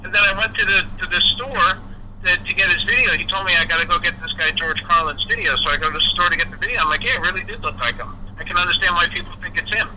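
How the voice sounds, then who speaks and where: A man telling a casual story with a fairly high voice. He acts out every quoted line with lively changes in his delivery. His voice comes through a noisy, hissing phone line. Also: fast talker. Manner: animated, acts out quoted dialogue. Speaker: guest musician.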